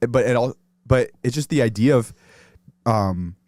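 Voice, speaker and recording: A man's voice: mid-range voice, a little slow, darkish tone, no room sound, clean studio sound. A young man co-hosting a podcast, musing earnestly in casual chat with plenty of "like" and "um". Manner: earnest, musing, heavy on fillers. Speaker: podcast co-host.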